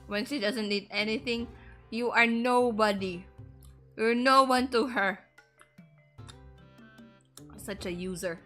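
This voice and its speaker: A woman VTuber telling teasing stories in animated, casual gaming-stream chat. Her voice sits a little high and sounds bright, and she talks slowly. Faint music plays behind her.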